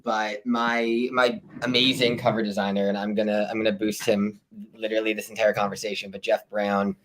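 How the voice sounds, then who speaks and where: Easygoing Canadian man with a low voice. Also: level tone, a bit bright. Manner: easygoing, halting with fillers. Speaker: indie author guest. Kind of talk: casual interview chat.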